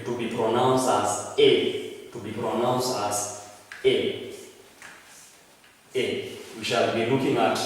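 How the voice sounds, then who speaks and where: A man gives a French lesson at a slow, patient pace, repeating each word and correcting himself as he goes. He stands well back from the mic, and his voice rings with a long, hollow reverb. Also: medium pitch. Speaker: French language teacher. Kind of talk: classroom lecture. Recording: echoey room, far from mic.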